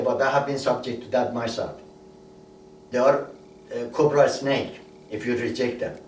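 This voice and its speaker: A man delivers a sermon, retelling a story at a middling pitch and leaning on repeated words. He stands a little away from the microphone. The room rings with echo, and a faint ambient hum sits behind him. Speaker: preacher. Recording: echoey room, voice a bit far from mic, faint ambience.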